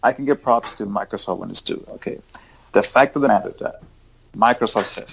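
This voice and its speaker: A man's voice: medium pitch, very animated, brisk, creaky, slight background noise, rough recording. A man co-hosting a casual gaming podcast, joking and repeating his words as he goes. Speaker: podcast co-host.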